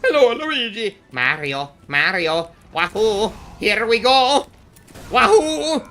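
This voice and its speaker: A whooping, excitable cartoon plumber man , as a woman puts him on bursts with loud catchphrases far above her usual register. The voice stays bright and bouncy, every line thrown out like a cheer. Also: fairly high pitch, slow pace, pitched above the performer's own voice, full character voice. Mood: gleeful.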